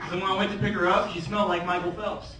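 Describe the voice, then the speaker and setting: High-voiced man doing stand-up. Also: little pitch movement, quick pace. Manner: wry storytelling, playful crowd asides. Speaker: stand-up comic. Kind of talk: stand-up comedy set. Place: comedy club at open mic night. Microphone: handheld stage mic. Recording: echoey club, far from the camera, noisy. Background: crowd laughter.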